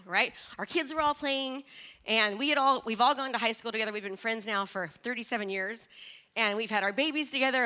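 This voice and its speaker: A middle-aged motivational speaker with a voice on the high side addresses a live audience from the stage. She's energetic and chatty, putting questions to the crowd.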